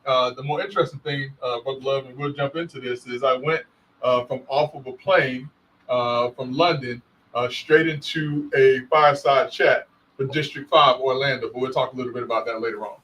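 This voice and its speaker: Brief: male podcast co-host, bright and sharp tone, rambling with lots of fillers, a bit off-mic. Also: mid-range voice, normal speed, far from the mic, low-quality recording. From Central Florida. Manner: rambling with many fillers and restarts, bursts into loud animated storytelling. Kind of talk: casual podcast chat.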